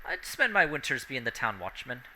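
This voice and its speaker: A man's voice: medium pitch, sing-song, normal speed, crowd noise, close to an everyday voice, low-quality recording. A man voicing a rustic male town watchman who farms in summer, talking in a folksy, plain-spoken way.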